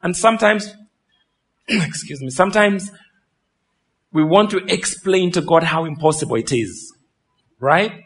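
A man preaching a sermon as pastor, lively and full of questions to the congregation, while his voice is wearing out. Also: high voice, unhurried, long pauses. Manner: lively, asks the crowd questions, laughs. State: losing his voice.

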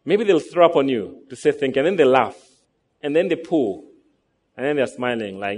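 A man's voice: mid-range voice, animated, moderate pace, a little mellow. A man in his thirties preaching a sermon to a congregation, asking them rhetorical questions as he goes. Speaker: pastor.

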